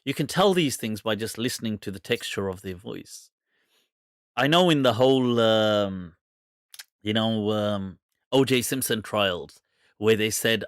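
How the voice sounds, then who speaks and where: A British man from England hosts a live question-and-answer show, chatting loosely with frequent laughter and rambling asides; his mixed British accent is hard to place. His voice is fairly low with lively intonation at a measured pace, recorded dry with clean studio sound.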